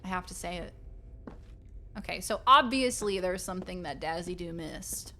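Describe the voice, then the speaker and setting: A woman streaming a game and chatting casually with her viewers, playful and quick to slip into silly voices. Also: on the low side, sharp tone. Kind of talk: casual live-stream chat.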